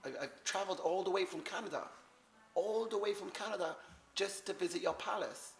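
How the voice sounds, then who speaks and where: A man voicing a cheeky put-on British gentleman, high and mock-polite, in a vlog. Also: brisk, vocal fry, roomy sound. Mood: mock-posh. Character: man faking a posh British accent, cheeky.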